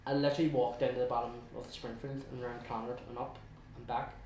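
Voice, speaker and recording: A man's voice: medium pitch, little pitch movement, darkish tone, slight background noise. Chatty young Belfast man, echoey and distant. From West Belfast, Northern Ireland. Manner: chatty, halting, many restarts and quoted asides. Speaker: guest. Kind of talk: casual storytelling interview. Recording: echoey room, heard from a distance.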